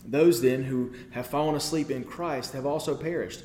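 A man's voice: mid-range voice, fairly even intonation, moderate pace, mellow, reverberant. A man preaching a sermon in a conversational way, often checking in with the listeners and building to emphatic peaks.

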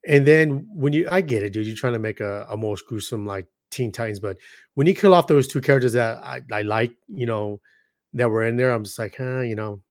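A man co-hosting a podcast in casual chat, talking in an excitable, slangy way and acting out scenes as he goes. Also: mid-range voice, brisk, no echo, clean studio sound. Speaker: podcast co-host.

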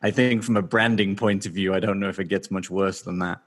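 Low-voiced English podcast host. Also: male voice, steady tone, brisk. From England. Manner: friendly, short encouraging replies. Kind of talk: casual interview chat.

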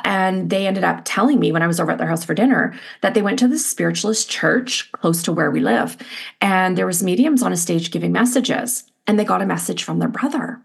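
A middle-aged woman, an interview guest, telling a personal story in an animated, expressive way with lots of "like" fillers. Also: lowish voice, creaky, husky.

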